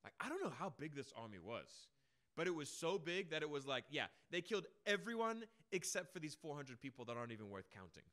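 A young man preaching a sermon, telling stories emphatically and dramatically, with big swings in loudness. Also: on the high side, sing-song, fast.

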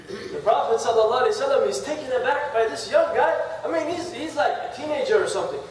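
High-voiced man preaching in an echoey hall. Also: fast talker, a little hiss or hum. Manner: animated storytelling with frequent invocations. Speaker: speaker giving a religious talk. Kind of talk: sermon storytelling and closing supplication. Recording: very echoey hall, mic at a distance.

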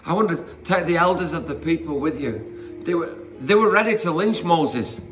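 A man's voice: on the high side, expressive, moderate pace, a bit bright, soft background music. A man preaching an informal sermon, conversational and rambling with fillers and asides as he retells Bible stories.

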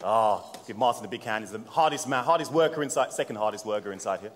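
A man's voice: on the low side, fast. A man giving a live cocktail demonstration at a trade-show seminar, talking in a jokey, chatty way and addressing the audience as he mixes drinks. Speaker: bartender presenting a seminar. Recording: long hall reverb.

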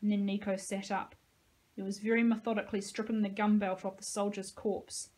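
Casting: woman teacher reading a novel aloud, dramatic and expressive, mid-pitched voice. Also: brisk, poor audio.

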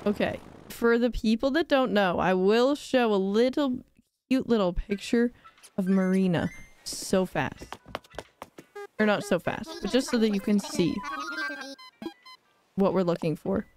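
A woman's voice: medium pitch, measured pace, long pauses, a little mellow, slight background noise. A young woman live-streaming a game, chatting casually in a bubbly, giggly, rambling way and reacting to chat.

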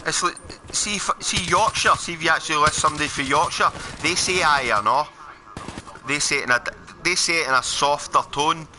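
A man's voice: a little high, brisk, bright, forceful tone, slight background noise. A Scottish man streaming a game, chatting casually and giving his opinions with plenty of swearing. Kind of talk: casual chat while gaming.

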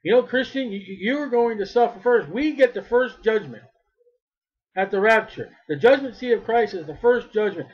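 A man's voice: sits high, lively intonation, normal speed, slightly rough, lo-fi sound. A male preacher giving a fervent sermon, repeating his phrases and rising to cries when he quotes.

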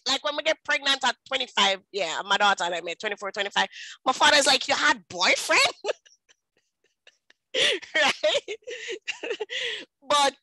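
A woman in her thirties with a Jamaican accent, telling her personal testimony in an animated storytelling way and slipping into patois. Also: sits high, dry recording, low-quality recording. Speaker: speaker at a women's ministry.

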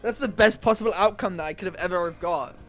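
A man's voice: sits high, fast, fairly bright tone, soft background music. A young man playing along on a gaming stream from his room at home, talking in a dry, teasing, laid-back way. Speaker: co-player on stream. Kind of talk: casual chat while gaming.

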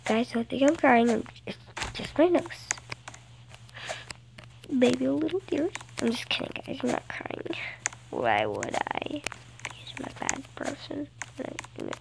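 A woman giving excitable, dramatic let's-play commentary to her viewers, recorded on a phone. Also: on the high side, slow pace, vocal fry, long pauses, slight background noise, poor audio. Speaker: gaming channel host. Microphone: phone screen recording.

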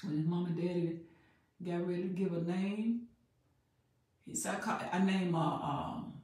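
A woman preaching a sermon in an emphatic, repetitive way that builds in loudness. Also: on the low side, fairly even intonation, measured pace. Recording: very echoey room, voice far from mic.

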